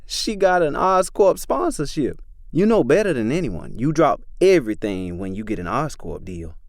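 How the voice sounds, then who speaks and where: A man voicing an excitable young woman student, gushing and loud. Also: mid-range voice, normal speed, no echo, clean studio sound, pitched above the performer's own voice. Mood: indignant.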